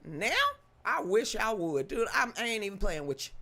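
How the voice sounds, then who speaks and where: A woman hosts a live-stream show and talks straight to her chat in a loose, casual way. She is emphatic and chatty, greets viewers by name, and reads an article aloud. Her voice sits at an ordinary middle pitch. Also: lively intonation, brisk, a bit bright.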